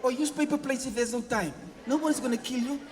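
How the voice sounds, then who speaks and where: A pastor preaches with a very high, piping voice, asking his congregation for agreement and acting out everyday family scenes. The sound rings with the long reverb of a large church hall. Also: fast. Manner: preaching with call-and-response questions to the congregation; acts out scenes with playful mimicked voices and sound effects. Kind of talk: sermon.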